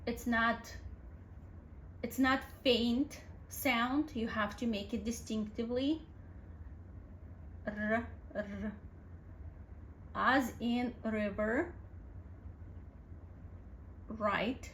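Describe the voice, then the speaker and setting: A woman with a slightly high voice gives an alphabet lesson at a very unhurried pace. She patiently spells words out letter by letter and repeats each sound. A faint hiss sits underneath her voice. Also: fairly bright tone. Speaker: language teacher.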